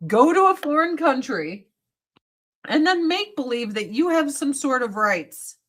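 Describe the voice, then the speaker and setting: Woman streamer, bright and forceful, profane ranting chat over makeup. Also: fairly high pitch. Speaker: livestream host. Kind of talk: casual chat while doing makeup.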